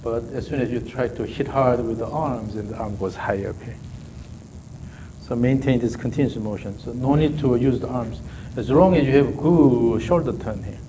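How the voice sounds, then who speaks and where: A man's voice: mid-range voice, normal speed, warm tone, slight background noise, rough recording. A man working as a golf coach in a live session, calling out short repeated drill cues and then explaining the movement.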